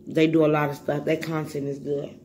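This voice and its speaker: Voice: mid-range voice, flat delivery, brisk, a little mellow, slight background noise. A vlogger talking casually to viewers while eating, loose and slangy, often repeating words.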